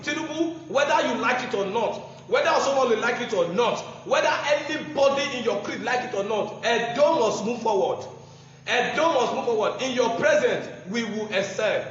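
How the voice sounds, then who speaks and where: A man's voice: extremely high pitch, animated, normal speed, a bit bright, a little hiss or hum. A man with a Nigerian English accent giving an impassioned political speech, combative and mocking, often chuckling through his jabs. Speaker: political campaigner. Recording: muffled echoey hall recording.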